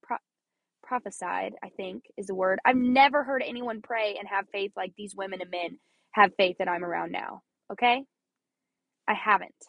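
With a medium-pitched, gravelly voice, she speaks at a moderate pace and steady tone; there's no echo, but the highs are cut off. She's a young adult podcast host from Missouri discussing her faith earnestly and chattily, with plenty of repetition and laughter.

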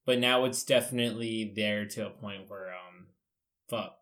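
A man hosting a casual podcast, relaxed and joking, with plenty of slang. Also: fairly low pitch, moderate pace. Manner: laid-back, laughs often, casual slang. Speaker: podcast host.

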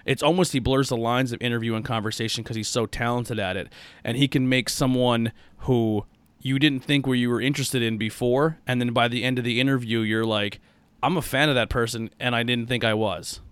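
Young male podcast host, smooth tone, dry recording, loose rambling delivery. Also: mid-range voice, fairly even intonation, fairly quick, a bit bright, dry recording. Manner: rambling, repeats words, frequent fillers. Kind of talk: casual conversational interview.

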